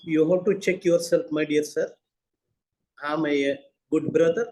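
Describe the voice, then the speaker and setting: A man's voice: on the high side, steady tone, unhurried, a little mellow, poor audio. An older man, giving a webinar talk as a university founder, earnestly repeating phrases for emphasis. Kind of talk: speech at a webinar.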